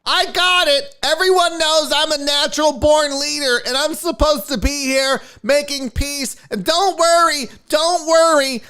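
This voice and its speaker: A man putting on the voice of a bossy, self-important drunk woman who scolds in a shrill, condescending tone. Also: sharp tone.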